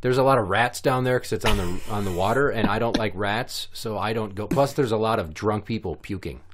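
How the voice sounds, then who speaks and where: A man in casual podcast chat, riffing in a crude, profane, animated way. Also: fairly low pitch, a little fast, noisy background. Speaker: podcast co-host.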